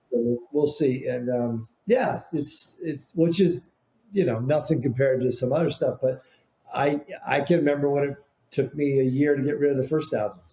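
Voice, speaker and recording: Podcast guest, male, mellow tone, rambling storyteller, roomy echo. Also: mid-range voice, normal speed. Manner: rambling, animated storyteller with restarts. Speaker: podcast guest, business founder. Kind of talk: casual storytelling interview.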